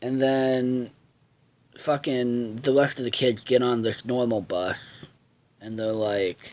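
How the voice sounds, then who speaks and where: A man's voice: medium pitch, steady tone, moderate pace, darkish tone. A man casually reviewing a cartoon episode, swearing a lot and rambling with many fillers and restarts.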